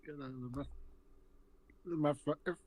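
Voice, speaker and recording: A man's voice: on the high side, slow, a little mellow. A man chatting with a streamer friend, teasing him with crude language and drifting into silly sing-song nonsense. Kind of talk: casual chat.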